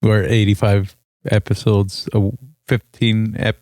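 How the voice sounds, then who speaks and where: Low-voiced sarcastic man who swears. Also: level tone, measured pace, darkish tone, dry recording, clean studio sound. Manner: crude, sarcastic, swears freely. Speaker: podcast co-host. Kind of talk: casual podcast banter.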